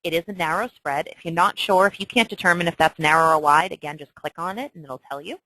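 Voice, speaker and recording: A woman teaching a trading lesson in a chatty way, walking through a chart and checking in often with "okay?", with excitable asides. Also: on the low side, fast talker, slight background noise, rough recording. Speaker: trading instructor. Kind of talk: screen-share lesson walkthrough.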